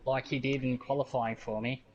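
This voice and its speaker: A man's voice: mid-range voice, flat delivery, normal speed, a little mellow. A man, a racing driver, venting his frustration about how he lost the race. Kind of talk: casual post-race interview. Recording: dull lo-fi voice chat.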